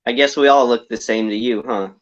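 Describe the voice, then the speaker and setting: A man's voice: medium pitch, steady tone, brisk, dull audio. A man co-hosting a casual sports podcast, dry and laid-back, with wry quips. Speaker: podcast co-host.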